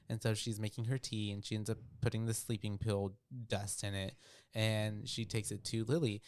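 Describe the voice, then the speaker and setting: A man's voice: fairly low pitch, darkish tone, clean tone. A man co-hosting a podcast, recapping a film in rambling casual chat with lots of fillers and swearing. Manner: rambling, profane, with many fillers. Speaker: podcast co-host.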